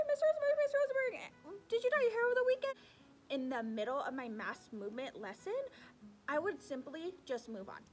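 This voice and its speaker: Young woman teacher, casual vlog advice, animated and higher-pitched, faint music bed. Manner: animated, acts out her students' voices, drops into asides. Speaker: sixth-grade teacher. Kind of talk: casual talk to camera giving advice.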